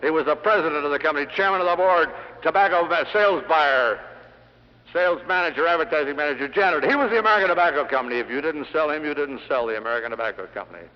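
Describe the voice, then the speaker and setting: Middle-aged man telling punchy sales stories. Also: fairly high pitch. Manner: punchy storytelling with dry humor. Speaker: sales lecturer. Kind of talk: after-dinner sales speech with anecdotes. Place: lecture hall with an audience. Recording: dull 1960 LP of a hall speech.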